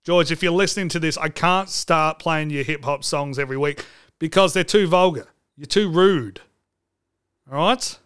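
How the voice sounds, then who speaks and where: A man's voice: fairly high pitch, normal speed, a bit bright, smooth. A man hosting a comedic podcast, joking and irreverent and swearing freely. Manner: joking, irreverent, mock phone call, swears. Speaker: podcast host.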